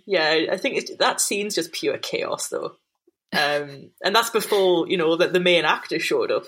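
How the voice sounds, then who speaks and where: A young woman co-hosts a casual podcast, teasing the show she is recapping. Her voice is low-pitched and husky, and she laughs often between her remarks. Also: lively intonation, measured pace, a bit bright. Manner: laughing, amused, mocking commentary. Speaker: podcast co-host. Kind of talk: casual chat recapping a TV episode.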